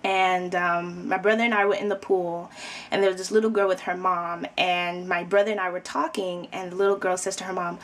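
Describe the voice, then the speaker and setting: A woman's voice: on the low side, fairly even intonation, a little fast. A young adult woman from New York with a New York accent, chatting casually to camera in a rambling way full of fillers. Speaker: vlogger.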